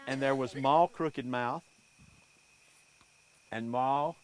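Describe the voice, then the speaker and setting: A man telling folk tales and superstitions to a live audience in an unhurried, animated way. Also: mid-range voice, noisy background. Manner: unhurried, animated, folksy delivery. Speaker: storyteller.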